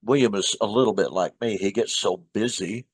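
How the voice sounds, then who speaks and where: A man, a minister hosting his show, telling a casual personal story in a chatty, relaxed way with many "uh" fillers. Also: lowish voice, fairly quick, slightly rough, no room sound.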